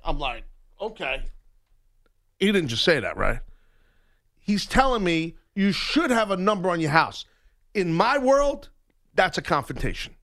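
A man's voice: sits high, measured pace, long pauses. A man hosting a sports radio talk show, telling a long story and acting out every voice in it. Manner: animated storyteller acting out both sides of a confrontation.

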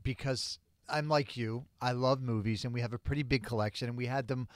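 A man hosts a casual podcast, talking things through at length. His voice sits at a middle pitch. The studio sound is dry and close. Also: fairly even intonation, fairly quick, dry recording. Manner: chatty, explains at length. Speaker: podcast host.

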